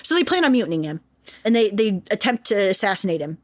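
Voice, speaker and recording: A woman's voice: mid-range voice, fast talker, no echo. Profane woman telling history stories. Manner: profane, animated, jokey retelling. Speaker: podcast co-host. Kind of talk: casual history storytelling.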